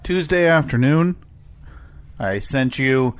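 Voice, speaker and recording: A man's voice: medium pitch, expressive, moderate pace. A man co-hosting a casual comedy podcast, rambling through jokes and laughing often. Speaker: podcast co-host.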